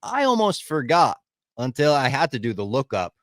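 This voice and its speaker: A man's voice: medium pitch, sing-song, normal speed, dry recording, clean studio sound. A man in casual podcast chat, talking with enthusiasm, swearing freely and acting out lines he quotes. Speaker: podcast co-host.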